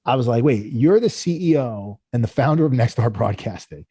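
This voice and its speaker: A man's voice: medium pitch, animated, brisk, warm tone, husky, no echo, clean studio sound. A man, a company founder, tells stories in a casual interview, acting out the people he quotes in raised voices.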